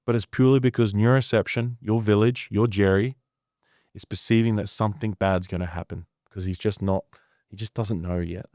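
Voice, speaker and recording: A man's voice: lowish voice, fairly even intonation, moderate pace, warm tone, no echo, clean studio sound. A man who works as a coach, telling stories in a podcast conversation, intense and emphatic, with heavy swearing.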